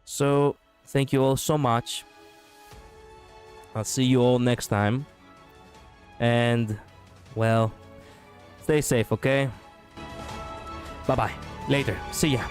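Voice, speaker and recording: A man's voice: mid-range voice, steady tone, takes it slowly, pauses often, soft background music. A man from Europe hosting a livestream, chatting casually, rambling and repeating himself with frequent laughs. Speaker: streamer host.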